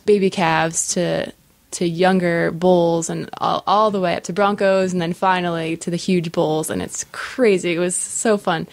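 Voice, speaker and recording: A young adult woman co-hosting a podcast, telling a story in casual chat, animated and laughing often. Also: lowish voice, a little slow, creaky, hardly any pauses, no echo. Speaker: podcast co-host.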